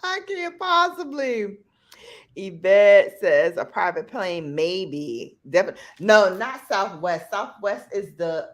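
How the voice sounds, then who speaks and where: A woman with a New York accent hosting a live stream, telling stories in casual, animated chat with loud playful outbursts. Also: fairly low pitch.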